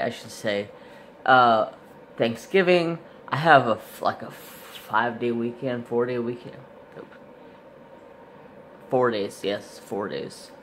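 Male craft host, unhurried and rambling, a bit stuffy from a recent cold. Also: mid-range voice, fairly bright tone, a little hiss or hum. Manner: rambling, chatty, lots of fillers and self-corrections. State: slightly stuffy, recovering from illness. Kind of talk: casual unboxing vlog.

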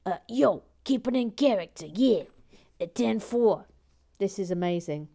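A woman putting on a brash, tough-talking New man with a gruff, blustering manner. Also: medium pitch, expressive, a little slow, dark tone.

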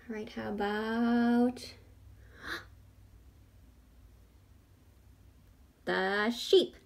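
A woman who is a children's librarian, gently teaching a sing-along lesson for small children. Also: fairly high pitch, extremely slow, gravelly, long pauses. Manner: gentle, encouraging, sings with ukulele.

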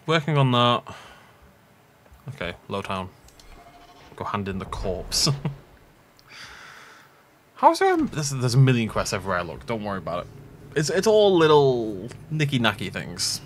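Man, let's play host, rambling gaming chat, very lively pitch, frequent laughs. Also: moderate pace, long pauses, slight background noise. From half Irish. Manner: rambling, chatty, laughs often. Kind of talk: casual gaming commentary.

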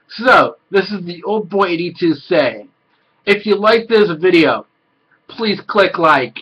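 Excitable, high-voiced man reviewing anime. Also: unhurried, husky, low-quality recording. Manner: excitable, swears a lot, exclaiming. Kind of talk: casual vlog review.

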